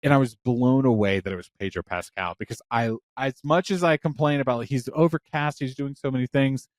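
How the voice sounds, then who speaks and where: A man in his thirties co-hosting a podcast in casual chat, rambling and excitable, swearing often, with a parent's warmth about films. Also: medium pitch, a little fast, dry recording, studio quality. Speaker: podcast co-host.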